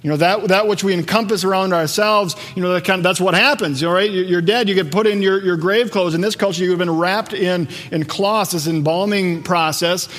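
A man's voice: high-pitched, fairly quick, hardly any pauses. A man preaching a sermon, telling stories with energy and acting out the voices of the people in them. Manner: lively storytelling, acts out voices. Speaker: pastor. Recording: long reverb of a large hall.

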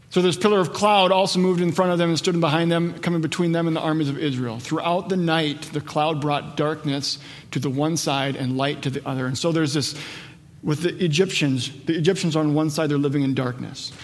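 A man preaching a sermon. He reads scripture slowly and rises in pitch and loudness when he stresses a point. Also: steady tone. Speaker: pastor. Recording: long hall reverb.

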